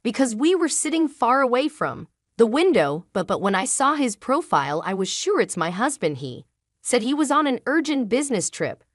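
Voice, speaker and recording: A woman narrating a first-person dramatic story in an emotional, halting way. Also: fairly high pitch, sing-song, dry recording, studio quality.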